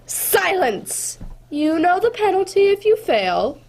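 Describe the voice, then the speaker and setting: A woman's voice: extremely high pitch, very animated, slow pace, darkish tone, exaggerated voice. A woman playing a cold, commanding evil queen. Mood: menacing. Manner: commanding and menacing. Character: cold, cruel, jealous queen. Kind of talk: radio drama acting.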